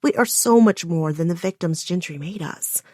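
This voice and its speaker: Intimate low-voiced woman narrating. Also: moderate pace, darkish tone, no echo, studio quality. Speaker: audiobook narrator. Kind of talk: first-person romance audiobook narration.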